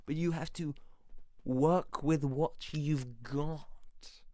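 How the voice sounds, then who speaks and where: A man hosting a podcast, giving a lively motivational monologue that he argues through in questions and answers. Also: on the high side, drawn-out words, dry recording. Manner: animated, playful, acts out little voices; talks to himself in questions and answers. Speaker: podcast host.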